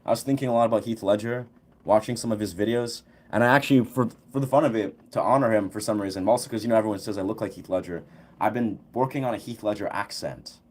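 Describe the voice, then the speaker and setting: A man's voice: lowish voice, quick pace. A young man hosting a casual livestream, chatting with viewers in a loose, rambling way full of fillers. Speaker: livestream host. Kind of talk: casual chat answering viewers.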